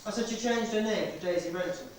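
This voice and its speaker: A man rehearsing a stage play as a stern police inspector, questioning in a measured, relentless way. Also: high voice, far from the mic, natural voice. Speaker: amateur stage actor. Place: rehearsal hall. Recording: echoey hall recorded from afar, noisy.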